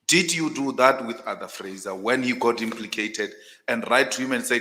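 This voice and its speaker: South African man on an interview panel, bright, sharp tone, pushes his questions hard. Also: mid-range voice, moderate pace, long reverb tail. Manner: forceful, emphatic and insistent. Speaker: panel commissioner.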